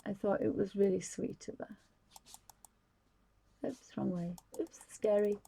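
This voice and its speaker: A woman's voice: medium pitch, little pitch movement, measured pace, gravelly, mellow, husky, poor audio. A woman, chatting casually and giggling as she hosts a live stream. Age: 50s. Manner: chatty and giggly, rambling with restarts. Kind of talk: casual chat, showing things to camera.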